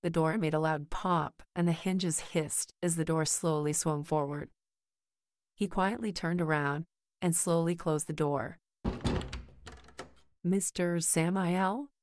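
A woman narrating a horror story in a slow, measured storytelling manner. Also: sits low, steady tone, no room sound.

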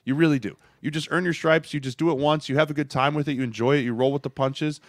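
A man's voice: a little high, quick pace, dry recording, studio quality. A man co-hosting a football podcast, a former lineman turned agent, telling stories in casual chat and acting out the voices he quotes. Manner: animated storyteller, acts out quoted voices.

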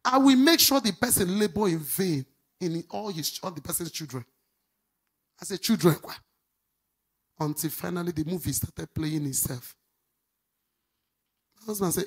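A middle-aged woman pastor preaching a sermon, swinging from loud outbursts to quiet asides. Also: normal speed, long pauses, slightly rough. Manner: animated preaching, swinging between shouts and low asides.

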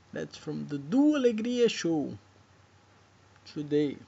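Slow, gravelly older man. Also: a little high, big pitch swings, dark tone. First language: Portuguese. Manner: slow, repetitive fatherly scolding and pleading. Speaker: show host. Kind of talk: emotional monologue to his son. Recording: dull lo-fi recording.

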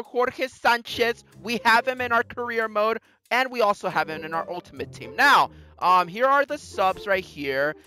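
A gamer giving excitable let's play commentary, yelping at near misses and dropping Spanish exclamations into English. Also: mid-range voice. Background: faint background music.

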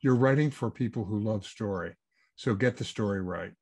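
A man's voice: fairly low pitch, moderate pace, darkish tone. A man, a published author, answering questions in an easygoing, anecdotal way over a video call. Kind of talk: online Q&A talk.

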